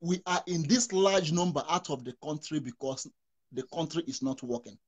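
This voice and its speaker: Husky man on a remote call. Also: on the high side, normal speed, highs cut off. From Nigeria. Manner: fervent, repeats words, restarts often. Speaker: guest. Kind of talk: impassioned talk show discussion. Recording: interrupted remote call connection.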